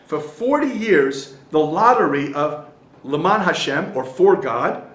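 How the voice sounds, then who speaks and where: A man's voice: a little high, a little slow, roomy sound. A man, a rabbi, teaching a Torah class to a group and telling jokes and stories along the way. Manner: animated storyteller, tells jokes and acts out voices. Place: study hall in Jerusalem.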